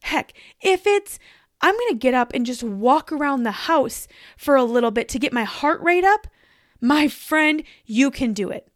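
High-voiced upbeat woman podcaster. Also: animated, unhurried, no echo, studio quality. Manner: upbeat, encouraging, talks straight to the listener. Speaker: podcast host. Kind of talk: motivational pep talk.

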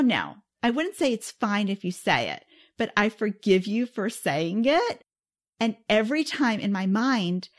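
A woman hosting a self-help podcast, talking earnestly and encouragingly straight to her listeners. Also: a little high. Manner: warm, earnest and encouraging, addresses listeners directly. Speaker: podcast host.

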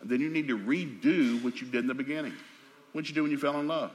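A middle-aged man preaching a sermon in a folksy, animated, joking storytelling manner. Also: medium pitch, quick pace.

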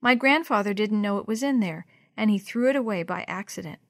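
A woman voicing a quiet, soft-spoken young boy in a storybook, reading softly. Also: mid-range voice, brisk, no echo, studio quality, lightly acted. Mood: sincere.

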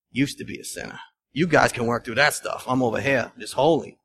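A man voicing a smug, self-righteous churchgoer who speaks dead serious in a lower, quieter voice. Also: moderate pace, a little hiss or hum, close to an everyday voice.

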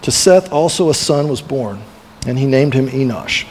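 Retelling a biblical tale during his sermon, this pastor briefly voices its characters in storytelling fashion, his mid-range voice lively in intonation and moderate in pace. Slight background noise and the long reverb of a large hall surround him.

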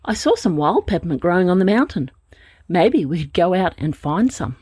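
A woman's voice: on the low side, sing-song, normal speed, darkish tone, husky, no echo, studio quality. A woman voicing an anxious young male rock fairy in a storybook reading. She makes him nervous and eager, stammering now and then.

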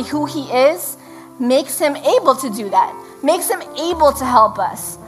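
A middle-aged woman, a pastor's wife, preaching an earnest sermon, slowing down to read scripture and praying softly at the close. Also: high-pitched, rough recording.

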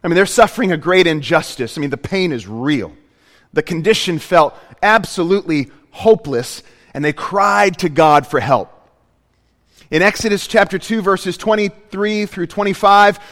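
A man's voice: high voice, a bit bright, big-room sound. A male pastor preaching a sermon, earnest and storytelling, with emphatic repetitions.

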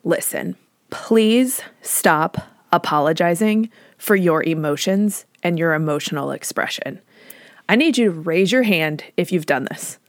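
A woman psychologist hosting a solo podcast, talking in an energetic, emphatic way and laughing often. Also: lowish voice, unhurried, dry recording, clean studio sound. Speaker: podcast host, licensed psychologist.

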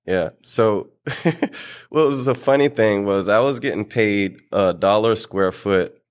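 A man speaks as a guest in a relaxed conversation, in a fairly low voice. He talks loosely, with plenty of fillers, and laughs easily. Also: smooth. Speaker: guest, business owner. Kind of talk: casual interview chat.

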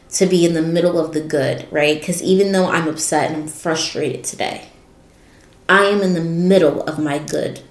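A woman in her twenties hosting a podcast, talking candidly and confessionally in a reflective personal monologue, swearing now and then. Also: lowish voice. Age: 20s. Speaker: podcast host. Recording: roomy echo.

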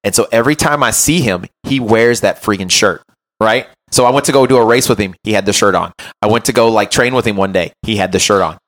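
A man hosting a podcast as a run coach, telling an animated, self-mocking story in casual chat and often checking in with "right?". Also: fairly low pitch, fast.

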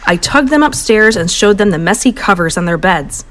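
A woman narrating a children's storybook with a bouncy, playful delivery. Her pitch leaps high and dips low as she tells the tale, keeping it animated for young listeners. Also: moderate pace. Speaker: storybook reader.

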